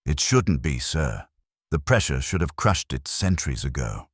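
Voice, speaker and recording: A man's voice: very deep voice, sing-song, normal speed, husky, dry recording, studio quality, exaggerated voice. A man voicing a young, frightened navy lieutenant who reports sonar readings in a tense, urgent way. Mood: uneasy.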